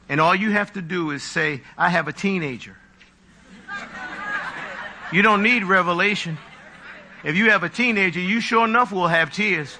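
A man preaching a live sermon to his congregation, animated, with mocking asides and humor. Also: high voice, moderate pace, slight background noise. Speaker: pastor.

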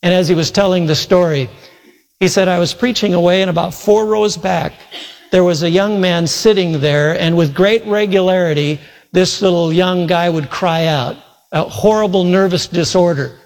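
A man's voice: high voice, normal speed. Man preaching in a reverberant hall. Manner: earnest, retells a story with quoted voices. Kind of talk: sermon storytelling. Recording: long reverb from a large hall.

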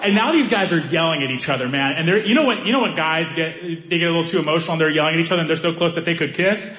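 A man doing stand-up comedy, telling a story in an animated way and acting out the people in it. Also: on the high side, very fast, some chatter behind, slight background noise. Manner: animated, acts out characters' voices.

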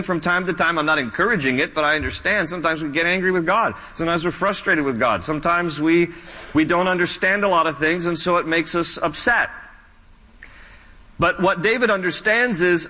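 A man's voice: a little high, sharp tone, in a large hall, poor audio. A man preaching a sermon as pastor, talking conversationally and acting out the lines he quotes.

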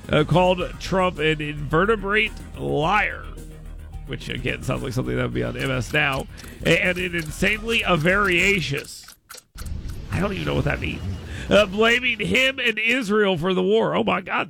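A man hosting a talk radio show, delivering a sarcastic, mocking monologue that swings from mutters to loud outbursts. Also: on the high side, normal speed, creaky, soft background music.

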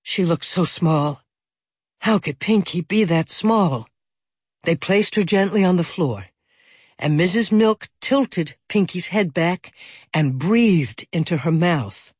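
An audiobook narrator reading a children's story gently and expressively. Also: medium pitch, husky, dry recording, clean studio sound.

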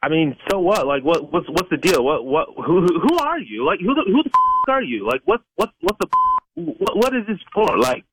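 A man's voice: on the high side, very animated, normal speed. A man on the receiving end of a prank call, stammering, defensive and cursing. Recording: phone line with clicks and static.

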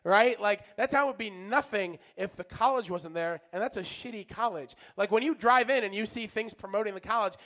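Brief: self-deprecating male stand-up, higher voice, loud-to-soft swings. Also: fairly quick, hardly any pauses. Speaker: stand-up comic. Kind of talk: stand-up storytelling.

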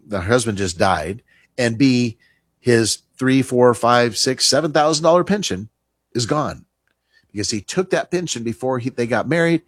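Husky-voiced male talk radio host. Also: medium pitch, dry recording. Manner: conversational, emphatic, drops voice for asides. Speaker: radio show host, retirement tax advisor. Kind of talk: talk radio advice segment.

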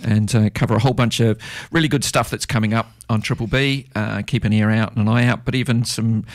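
A man's voice: on the low side, fairly even intonation, brisk, no room sound. Man, radio presenter, casual studio banter, frequent laughs, dry close mic. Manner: laughs often, rambling with fillers. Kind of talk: casual on-air radio chat.

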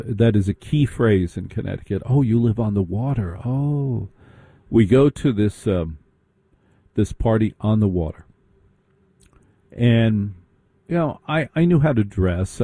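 A man telling a comic story about the past in a sarcastic, animated and mocking way. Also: on the low side, normal speed, pauses often, dry recording.

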